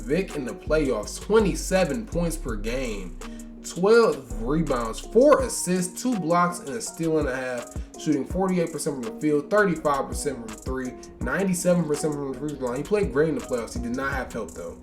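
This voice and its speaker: A young man, chatting casually through a sports game simulation and reacting to player stats, tired and yawning after a long day of recording. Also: mid-range voice. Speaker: gaming YouTuber.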